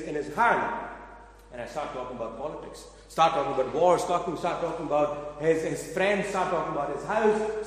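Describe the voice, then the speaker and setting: A man preaching a sermon, telling a story and asking his listeners questions in a conversational way. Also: a little high. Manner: conversational, addresses audience with questions. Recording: echoey hall from afar.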